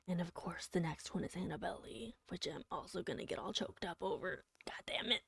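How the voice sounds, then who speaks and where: Soft-spoken, emotional woman streamer. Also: on the low side, creaky, breathy edge, no room sound. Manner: soft-spoken and emotional, often dropping into a whisper; halting, with many restarts and fillers. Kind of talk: casual chat on a live poetry reading stream.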